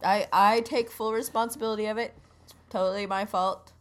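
A woman's voice: medium pitch, steady tone, brisk, a bit bright. A woman co-hosting in character with rambling, easily distracted, apologetic comedic banter. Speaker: co-host.

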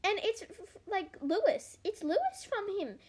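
A woman's voice: very high-pitched, sing-song, moderate pace. A young Australian woman chatting casually on a video call, rambling with lots of fillers and giggles. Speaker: podcast co-host. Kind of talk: casual chat.

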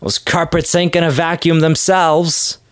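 A man's voice: a little high, flat delivery, a little slow, smooth, no room sound, studio quality, pitched above the performer's own voice, natural voice. A man voicing a dismissive young woman who makes flimsy excuses in an airy, hesitant voice. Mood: evasive.

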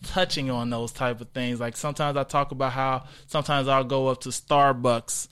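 A man, a comedian, chatting casually and telling animated, laughing stories. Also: mid-range voice, moderate pace, clear, resonant tone. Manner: animated storyteller, laughs often. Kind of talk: casual chat.

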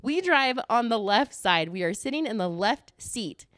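A woman's voice: fairly high pitch, expressive, moderate pace, a bit bright, no echo, clean studio sound. A young American woman hosting a casual solo podcast, telling a story with lots of self-mocking laughter and casual swearing. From United States. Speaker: podcast host.

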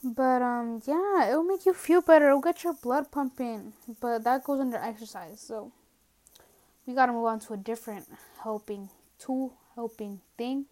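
A young woman with a slightly high voice talks alone into her podcast from home. She rambles in a casual, self-mocking way, trails off into asides, and sounds a little out of breath. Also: normal speed, a little mellow. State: a bit out of breath. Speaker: podcast host. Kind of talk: casual solo rant. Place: at home, indoors.

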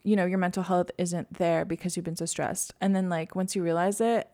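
A woman's voice: lowish voice, little pitch movement, brisk, warm tone. Chatty young woman podcast co-host. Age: young adult. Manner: chatty, lots of "like" fillers, upbeat. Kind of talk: casual chat.

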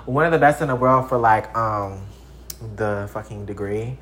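Over a little hiss or hum, a roughly thirty-year-old Texas vlogger chats casually at normal speed. His talk is animated and profane, marked by big swings in pitch and loudness.

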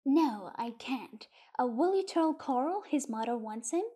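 A woman voicing Nick, a shy young boy who is easily teased, in a gentle audiobook reading. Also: high voice, lively intonation, unhurried, slightly rough, exaggerated voice. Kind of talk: audiobook reading of a short story.

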